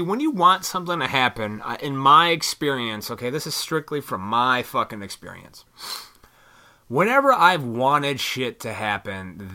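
A man rambling in a casual venting monologue to his viewers, swearing freely and animated. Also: mid-range voice. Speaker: vlogger.

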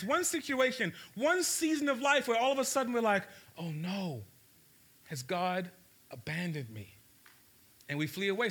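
Man preacher, high voice, bright tone, asks the crowd questions, storytelling sermon. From Baltimore, USA. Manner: storytelling, shifts pace for emphasis. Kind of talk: sermon to a live audience.

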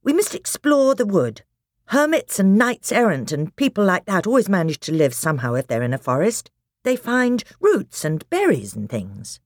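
A woman's voice: medium pitch, wildly swooping pitch, moderate pace, no echo, clean studio sound, pitched above the performer's own voice. A woman voicing a practical young schoolboy in a storybook reading, emphatic and urging.

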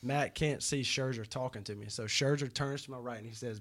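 A mid-pitched man tells a story in a relaxed interview, stacking fillers and restarting his sentences. His telling is loose and animated. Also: normal speed. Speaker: guest, professional baseball player.

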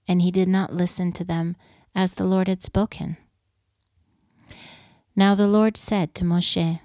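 A woman giving a measured, steady scripture reading. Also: on the low side, dry recording, studio quality. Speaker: scripture reader.

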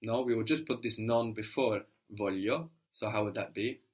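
A man's voice: on the low side, moderate pace, husky. A man teaching a spoken language lesson, patient and prompting, checking in with short questions. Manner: patient, prompting, often asks "no?".

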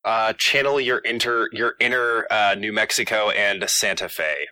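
A man hosting a gaming podcast, speaking casually in a relaxed, hesitant way with many fillers. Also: on the low side, normal speed, dry recording. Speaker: podcast host.

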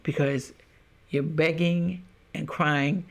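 High-voiced emphatic male preacher. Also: fairly even intonation, takes it slowly, vocal fry. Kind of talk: sermon.

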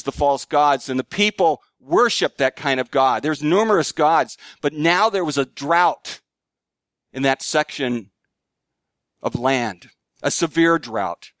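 A man preaching with earnest conviction, swinging from emphatic peaks to hushed, quiet lows. His voice sits fairly high for a man and comes through smooth and clear. The sound is close and dry, with no room echo. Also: unhurried. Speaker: pastor. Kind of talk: sermon.

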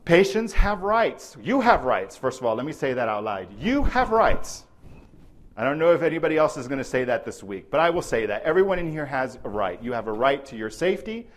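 A man giving a live lecture to healthcare providers, animated and often checking in with the audience by asking "right?". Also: mid-range voice, fast, hardly any pauses. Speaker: presenter at a clinical training.

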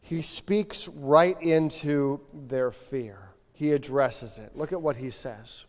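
A male pastor delivering a conversational, animated sermon, acting out bits of biblical dialogue. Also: medium pitch, slow pace, long reverb tail. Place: church sanctuary.

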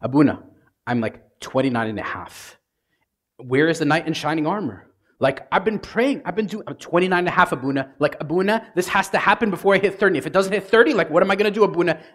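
A man voicing an anxious young unmarried woman, pleading in a rushed, whiny way. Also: mid-range voice, lively intonation, natural voice. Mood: frantic.

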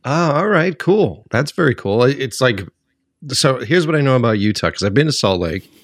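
A man's voice: mid-range voice, big pitch swings, moderate pace, no room sound, clean studio sound. Guy hosting a podcast, tired morning voice, rambly with lots of ums. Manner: loose and rambling, many fillers and restarts. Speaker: podcast host. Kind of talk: casual podcast chat.

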